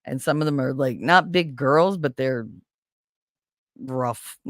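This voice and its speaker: A woman hosting a casual stream chat, telling stories in an animated way and laughing often. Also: rumbling low, slow, dry recording, studio quality. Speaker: streamer host.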